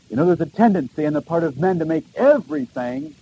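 A middle-aged male pastor preaching with an earnest, questioning delivery and emphatic repetitions. His voice sits a little high for a man yet sounds dark and mellow. A faint hiss of noise runs behind him. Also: sing-song, brisk, gravelly, hardly any pauses, rough recording. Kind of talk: sermon.

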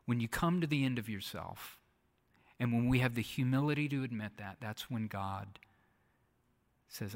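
A pastor preaching a sermon, repeating phrases and often dropping to a soft, hushed delivery. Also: male voice, medium pitch, normal speed. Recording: long reverb of a large hall.

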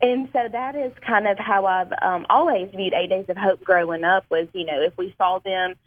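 A woman's voice: medium pitch, steady tone, moderate pace. A young woman from Mississippi with a Southern accent, a guest chatting over the phone, friendly and full of ums. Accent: Southern American. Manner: friendly, laughs easily, many ums. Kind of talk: casual radio chat. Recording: tinny phone line.

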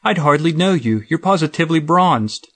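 A bubbly, effusive woman at the front desk of an office, as a male narrator puts her on. She gushes in a raised, lively voice that lifts well above his normal pitch. She is read aloud as part of a storybook. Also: moderate pace. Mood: gushing. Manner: gushing, effusive. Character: chirpy woman office receptionist.

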